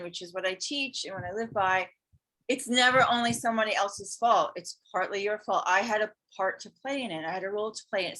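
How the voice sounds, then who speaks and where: A woman who teaches yoga and spirituality, telling a personal story in casual conversation, earnest and animated. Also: mid-range voice. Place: Hawaii.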